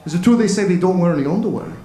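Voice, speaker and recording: A man's voice: high voice, expressive, rapid-fire. Man doing a boastful kilted Scot, put-on Scottish accent, bouncy delivery. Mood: bawdy. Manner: bawdy storytelling. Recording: roomy club with crowd.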